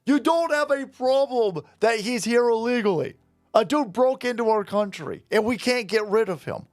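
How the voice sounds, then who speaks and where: Male vlog commentator, sarcastic and indignant, fairly high voice, very animated delivery. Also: moderate pace, dry recording, studio quality, soft background music. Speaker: political commentator.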